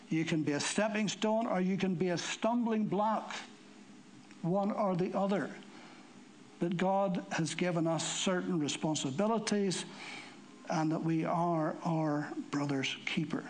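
A man's voice: normal speed, a little hiss or hum, poor audio. A man preaching a sermon, reading scripture aloud and explaining it with emphatic, rising delivery. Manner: emphatic, climbing higher and louder when stirred.

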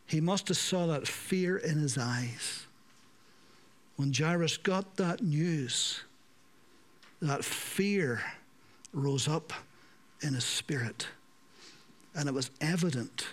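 Man, preaching a sermon, deliberate slow pace, emphatic then hushed delivery. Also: fairly high pitch. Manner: dramatic swings between raised emphasis and hushed, slowed delivery.

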